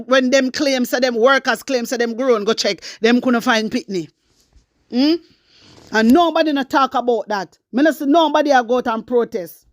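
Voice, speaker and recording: A woman's voice: high voice, no room sound, clean studio sound. A woman with a Jamaican accent delivering a fiery, urgent rant to her online viewers, scolding and repeating her demands. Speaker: online commentator.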